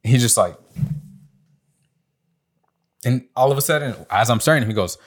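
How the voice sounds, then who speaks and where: A man's voice: lowish voice, animated, moderate pace, long pauses. A young man on a podcast, casually telling a story, acting out quotes in a raised voice and swearing often. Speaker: podcast co-host. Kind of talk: casual storytelling among friends.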